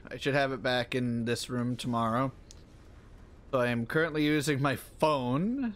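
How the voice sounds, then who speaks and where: A man with a medium-pitched, fairly bright voice streams a video game live. He chats casually with viewers, answering them and reacting to the game as he plays.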